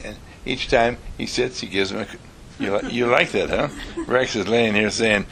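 A man teaching an audience through a slow, deliberate story with long pauses. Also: fairly low pitch, gravelly, a bit bright, slight background noise, poor audio. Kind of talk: storytelling talk to a live audience.

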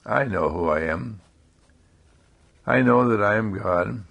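A man giving a calm spiritual talk in slow, repetitive affirmations. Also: fairly low pitch, gravelly. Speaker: spiritual speaker.

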